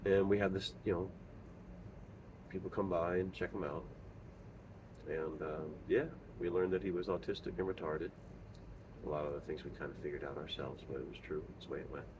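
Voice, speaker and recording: A middle-aged man talks in a lowish, unhurried voice, pausing often and filling gaps with fillers. He sounds earnest and plainspoken. A faint hiss of noise sits under the recording. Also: fairly even intonation. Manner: halting, earnest, many pauses and fillers. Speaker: father sharing his story. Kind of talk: personal monologue.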